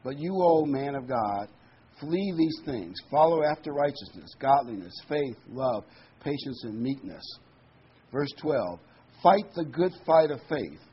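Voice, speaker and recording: A man preaching a sermon, talking conversationally and slowing down to read scripture with emphasis. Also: mid-range voice, expressive. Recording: dull lo-fi recording with faint noise.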